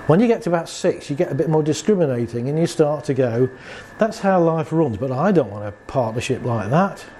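With a fairly high, warm voice and lively intonation, this man talks a bit fast to an audience about anxiety and relationships, staging small scenes and laughing along. Slight background noise is audible.

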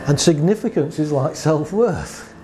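A man's voice: on the high side, expressive, unhurried, dark tone, slight background noise. A man, a therapist talking casually about his work, telling client stories and acting out both sides of the dialogue with rhetorical questions. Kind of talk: conversational talk with client anecdotes.

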